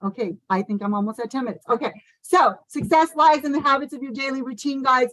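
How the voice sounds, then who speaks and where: A woman giving a fast, passionate motivational talk over a video call, full of "like" and "you guys.". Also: sits high, a bit bright, no echo, rough recording. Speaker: motivational speaker at an online conference. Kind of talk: motivational speech.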